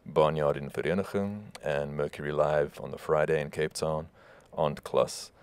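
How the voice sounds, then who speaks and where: A South African musician with a South African English accent, chatting in a laid-back, joking way as a radio guest. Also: male voice, a bass voice, steady tone, normal speed, clean tone, no room sound. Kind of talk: casual radio interview.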